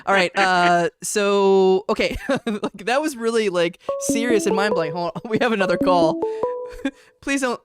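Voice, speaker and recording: A man's voice: high voice, unhurried, faint music behind. A man hosting a call-in roast livestream, teasing and laughing as he takes callers. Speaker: livestream host.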